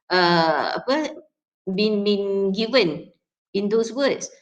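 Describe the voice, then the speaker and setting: A woman's voice: fairly high pitch, unhurried, poor audio. Casting: woman lecturer, Malaysian accent, chatty tutorial tone, mixes in Malay, lots of fillers.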